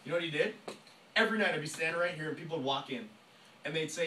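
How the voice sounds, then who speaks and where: Excitable male trainer, rapid-fire and bright, echoey meeting room, mic at a distance. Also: a little high, slight background noise. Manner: fast, excitable, emphatic, often acts out phone calls. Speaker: network marketing trainer. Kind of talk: energetic live training talk.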